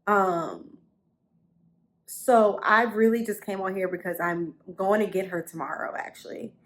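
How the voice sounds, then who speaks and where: A young woman talks straight to camera from her bedroom at home, telling a story in an easy, chatty way. She leans on repeated phrases to drive her points home, and her voice sits at an ordinary middle pitch. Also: a little slow. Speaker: vlogger.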